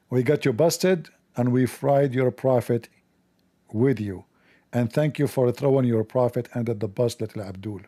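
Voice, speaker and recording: A man hosting a casual commentary video, sarcastic, animated and mocking. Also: medium pitch. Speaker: host.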